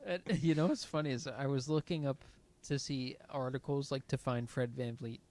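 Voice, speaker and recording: A man co-hosting a casual sports podcast, relaxed and laughing easily as he talks. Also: mid-range voice, normal speed. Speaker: podcast co-host.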